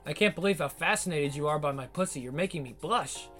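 A man's voice: on the high side, fast talker, pushed and bright, soft background music. A teasing older woman tutor, as a male reader puts her on. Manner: teasing, sultry. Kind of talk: adult audiobook narration.

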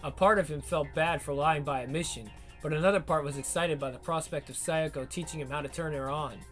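Male audiobook narrator over soft guitar. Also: on the high side, brisk. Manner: steady storytelling read. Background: faint guitar music.

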